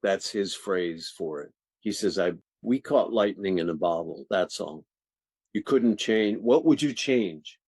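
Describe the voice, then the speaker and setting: Low-voiced older actor telling stories. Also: male voice, no echo. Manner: animated, laughing, restarts sentences. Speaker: actor guest. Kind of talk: interview storytelling.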